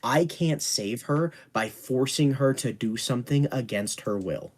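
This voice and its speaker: A man's voice: medium pitch, a little slow. Sarcastic, swearing man ranting. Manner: sarcastic, profane, exasperated ranting. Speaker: podcast co-host. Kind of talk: casual ranting discussion.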